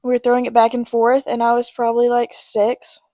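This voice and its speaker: A woman's voice: on the high side, monotone, brisk, warm tone, dry recording. A woman co-hosting a podcast, telling childhood stories in a chatty, playful way and laughing often. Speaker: podcast co-host. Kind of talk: casual chat.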